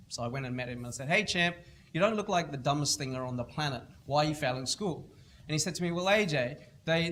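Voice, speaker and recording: A man's voice: medium pitch, a bit bright, slight background noise. A man giving a storytelling talk at a school event, acting out both sides of each conversation. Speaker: speaker at a school festival. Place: event hall with audience.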